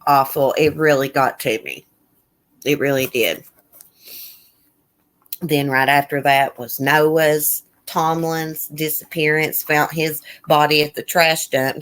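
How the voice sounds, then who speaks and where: A host on a casual live stream reads a news report aloud in a mid-range voice. Blunt, indignant asides break into the reading, along with quick remarks to the chat. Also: mid-range voice, fairly bright tone. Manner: chatting with viewers in the chat.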